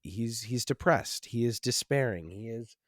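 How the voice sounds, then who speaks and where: Brief: male podcast host, mid-pitched, meandering and thoughtful, dry close-mic sound. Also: expressive, a little slow, no echo. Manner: rambling, many restarts and fillers, reflective. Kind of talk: casual film discussion.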